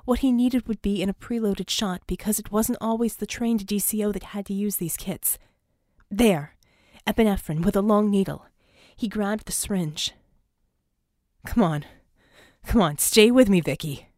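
A woman narrating an audiobook in a dramatic, tense reading that rises to shouts and drops to sobs for the characters. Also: mid-range voice, moderate pace, no echo, studio quality. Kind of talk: scripted narration.

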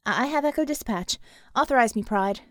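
A woman doing a crisp, commanding female operative. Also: a little high, expressive, a little fast, no room sound, clean studio sound, natural voice. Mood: brisk command. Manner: crisp, concise, forceful. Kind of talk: audiobook character voice.

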